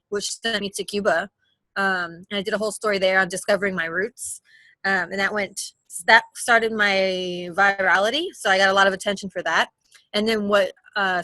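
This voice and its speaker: A young adult woman, a travel blogger, telling her story casually in an interview, fast and animated with lots of fillers. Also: mid-range voice, no echo, low-quality recording. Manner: animated, rapid, many fillers.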